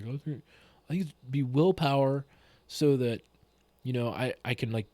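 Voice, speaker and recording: A man's voice: medium pitch, darkish tone, dry recording. A man casually telling a funny story about a tabletop game he ran, quoting his players with lots of energy. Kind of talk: casual anecdote retelling a tabletop game session.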